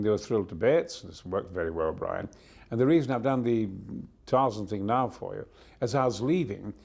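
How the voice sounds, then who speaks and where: A man from Yorkshire, a voice actor, telling stories as an interview guest in a booming, theatrical way, tumbling over repeated words. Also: darkish tone. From Yorkshire, England. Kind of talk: exuberant anecdotal chat.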